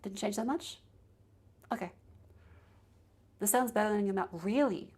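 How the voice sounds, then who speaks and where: A woman's voice: mid-range voice, measured pace, a little mellow, slightly rough. A chatty woman streamer with a mid-range voice, rambling and joking between checks. She holds a handheld mic and moves it around as she talks, at home in her streaming room. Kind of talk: casual live-stream chat. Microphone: handheld mic moved around while testing.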